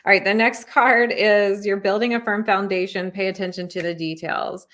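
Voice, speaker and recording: A woman's voice: medium pitch, steady tone, moderate pace, a bit bright. Reassuring woman reading oracle cards. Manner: friendly, reassuring, conversational with many fillers. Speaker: intuitive oracle card reader and spiritual teacher. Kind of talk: casual oracle card reading to viewers.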